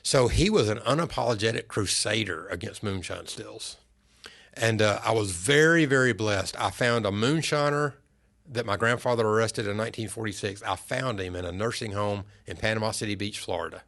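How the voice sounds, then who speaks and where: Middle-aged male guest, low gravelly voice, earnest unhurried storyteller. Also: fairly bright tone. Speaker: podcast guest. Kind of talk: casual storytelling interview.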